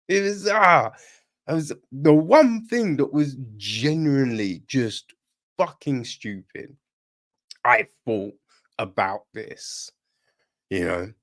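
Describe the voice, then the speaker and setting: A man's voice: medium pitch, lively intonation, slow. Blunt, rambling man reviewing a film. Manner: blunt, rambling, swears casually. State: in a bad mood. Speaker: film review podcast host. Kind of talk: casual spoken film review.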